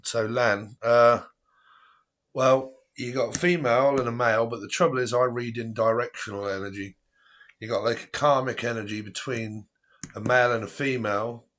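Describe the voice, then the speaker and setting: A man's voice: medium pitch, fairly bright tone. A man hosting a live tarot stream in a casual, chatty way, often breaking into laughter.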